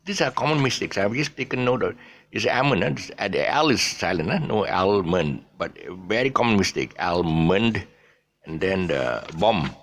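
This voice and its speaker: A middle-aged man with a Malaysian English accent gives a casual pronunciation lesson. His voice is very deep and gravelly, and his pitch swings widely as he repeats example words in a chatty, easygoing way. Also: very animated, fairly quick, a bit bright.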